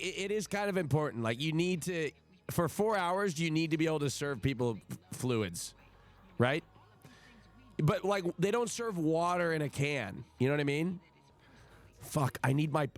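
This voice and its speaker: A man streaming live, telling a travel story to his chat in an animated, profane and exasperated rant. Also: fairly high pitch, normal speed, faint music behind.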